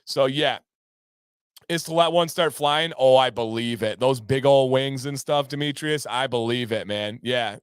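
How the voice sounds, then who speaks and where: A man from Michigan hosting a casual livestream, reading viewer comments aloud and chatting in an animated way, laughing often and repeating his phrases. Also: mid-range voice, unhurried, clear, resonant tone, no room sound, studio quality. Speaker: livestream host.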